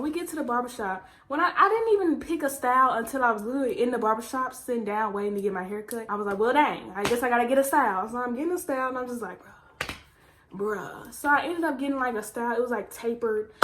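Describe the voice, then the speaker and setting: A young woman chatting casually in a vlog, telling a story in an animated way and acting out her own quotes. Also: a little high, a little hiss or hum. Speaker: vlogger.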